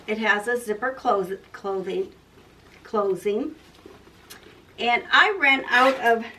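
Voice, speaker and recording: An older woman hosts a casual sewing channel vlog, drifting chattily from one thought to the next and losing her train of thought. Her medium-pitched voice is pushed and bright, sitting a bit far from the mic with slight background noise.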